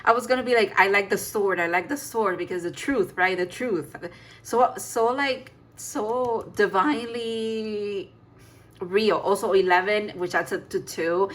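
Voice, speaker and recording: A woman's voice: medium pitch, unhurried, a bit bright. A woman giving a casual tarot reading, chatty and emphatic, laughing and sighing as she talks. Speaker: tarot reader.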